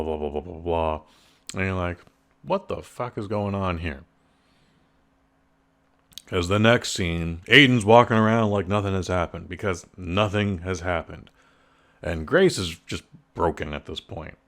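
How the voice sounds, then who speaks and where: A man's voice: deep voice, a bit bright, smooth. A man hosting a podcast, giving a casual, blunt and profane spoken movie review, rambling through the plot with fillers. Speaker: film reviewer, podcast host.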